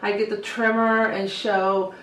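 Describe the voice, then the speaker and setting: A middle-aged woman hairstylist telling stories in a casual, lively way and acting out what she said to the kids. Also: mid-range voice, measured pace, a little hiss or hum. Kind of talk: casual storytelling to camera. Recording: echoey room, voice from some distance.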